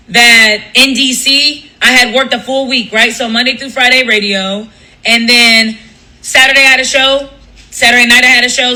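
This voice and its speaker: A woman's voice: a little high, pushed and bright, poor audio. A woman, a radio host, telling a story on a casual livestream. She talks in an emphatic, profane way and restarts her sentences often. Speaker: radio host and live streamer.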